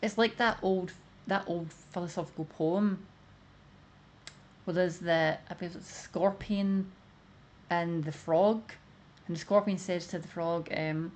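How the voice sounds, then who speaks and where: A woman's voice: on the low side, fairly even intonation, a little slow, long pauses, a little mellow, a little hiss or hum. A woman streamer giving casual commentary, rambling with lots of "like" as she explains her view. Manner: rambling, many fillers of "like".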